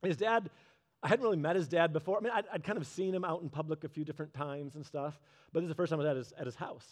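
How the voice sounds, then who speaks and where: A male preacher gives a chatty sermon, putting questions to the audience and easing down to a slow, low delivery whenever he hits a key phrase.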